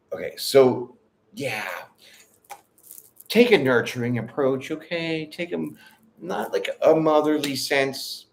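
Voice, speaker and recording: Male tarot reader live on stream, casual, blunt, slangy, quick to laugh, mid-pitched voice. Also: lively intonation, slight background noise. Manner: direct, bold, slangy, laughs often. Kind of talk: casual livestream tarot reading.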